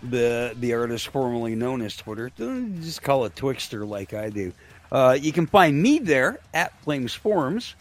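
Lively joking male radio co-host. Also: mid-range voice, unhurried. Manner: animated, jokey self-promotion. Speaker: podcast co-host. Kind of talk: casual wrestling radio banter.

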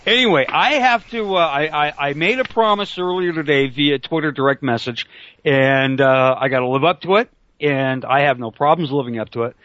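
A man's voice: a little high, normal speed, fairly bright tone, no room sound. Rambling crude male talk radio host. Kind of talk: casual talk radio banter. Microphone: computer call mic. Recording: dull lo-fi online call audio.

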